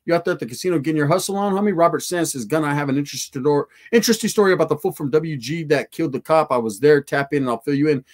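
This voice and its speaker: A man's voice: fairly high pitch, very fast, few pauses. A man hosting a casual livestream, reading viewer comments aloud in profane street slang mixed with Spanish words. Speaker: livestream host.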